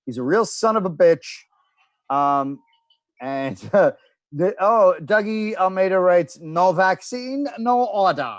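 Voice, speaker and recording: A man's voice: high voice, slow, smooth, no room sound, dull audio. A man co-hosting a casual talk show, wisecracking and teasing the others. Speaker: co-host. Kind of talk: casual chat.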